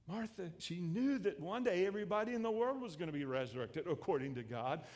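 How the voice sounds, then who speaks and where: A man pastor preaching a sermon, swelling loud and then dropping to hushed lines. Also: sits high, lively intonation, fast, hardly any pauses. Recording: echoey hall with long reverb.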